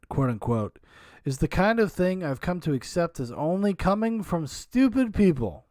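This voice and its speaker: Sarcastic guy podcast host, crude jokes, kinda high voice, dry close sound. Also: big pitch swings, normal speed, a little mellow, no echo. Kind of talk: commentary on a documentary.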